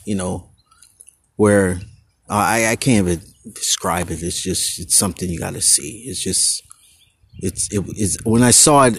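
A man hosting his own podcast, talking casually and rambling into tangents with a husky voice and slangy manner. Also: on the low side, measured pace, long pauses. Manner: goes on tangents, restarts, slangy. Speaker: podcast host.

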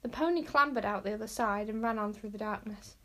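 A woman narrating a children's storybook aloud in an expressive, clearly paced reading voice. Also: medium pitch, a little fast. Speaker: audiobook reader.

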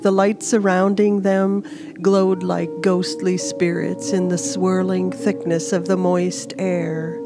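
A woman reads a fantasy tale aloud in a steady, very slow storytelling manner. Her voice sits lower than most women's, with loud fantasy music under every line. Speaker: narrator. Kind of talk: fantasy audiobook narration. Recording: fantasy music playing behind.

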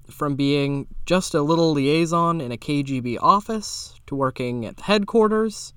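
A young man hosting a podcast, telling a story in a loose, improvised way, sarcastic and casually swearing, with sudden jumps in pitch for emphasis. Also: normal speed, hardly any pauses, fairly bright tone, smooth, no echo. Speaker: podcast host.

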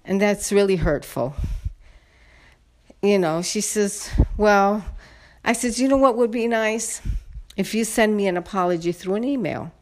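A woman's voice: medium pitch, moderate pace, a little mellow. A woman telling viewers a personal story in a casual, indignant, venting way, addressing them directly. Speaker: vlogger.

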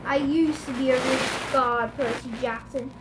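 Woman reading storybook underworld god, indignant, grumbling, high voice, slow delivery. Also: fairly even intonation, background noise. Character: male god of the dead, angry, complaining.

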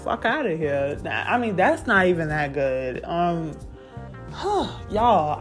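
Low-voiced woman ranting with profane exasperation. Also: very animated, slow pace, faint music behind. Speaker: gamer reviewing a video game. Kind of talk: casual ranting vlog.

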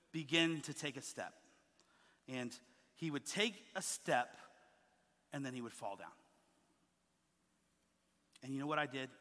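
A man in his thirties preaching a sermon as a pastor, telling stories with lively acted-out quotes. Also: on the high side, in a large hall. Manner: animated storytelling, acting out quoted voices. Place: church sanctuary.

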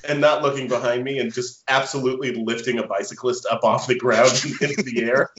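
A man in casual podcast conversation, animated and quick to laugh, with filler words running through his sentences. His voice sits in a roomy space, and the recording sounds slightly dull and lo-fi. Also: mid-range voice, background noise. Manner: enthusiastic, frequent fillers and laughs. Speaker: podcast co-host. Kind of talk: casual chat.

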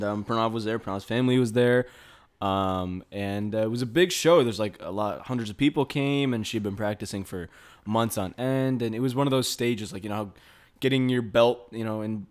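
A man co-hosting a podcast, telling a story in a rambling, halting way with many fillers. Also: fairly low pitch, clean tone. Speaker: podcast co-host. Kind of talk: casual chat.

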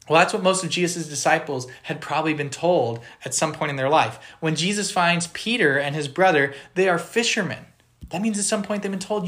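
A man's voice: on the high side, fairly quick, pushed and bright. A man giving a conversational Bible teaching on a podcast, earnest and explanatory, stopping to put questions to his listeners. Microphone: podcast microphone.

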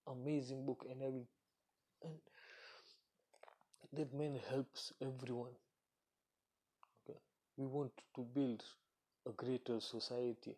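A man giving a blunt, profane casual rant, voice dark and mellow. His tone is a little husky, and he slips into short acted-out quotes. He speaks at an ordinary middle pitch. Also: level tone, takes it slowly, long pauses. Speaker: commentator. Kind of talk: casual monologue.

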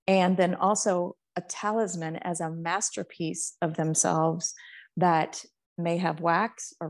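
A woman who founded a portrait art business, telling her story in a casual, earnest, heartfelt way and slowing down to stress words. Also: lowish voice, darkish tone.

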